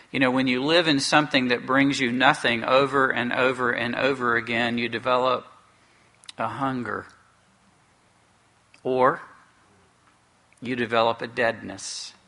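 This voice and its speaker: A man preaching an earnest sermon in slow, measured phrases, pausing as he goes. His voice has a bright, forward tone. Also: medium pitch.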